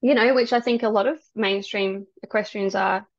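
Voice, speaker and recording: A woman guest on a podcast telling her story in casual chat, soft and hesitant with many ums. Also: medium pitch, fairly even intonation, normal speed, no echo. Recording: dry, dull lo-fi sound.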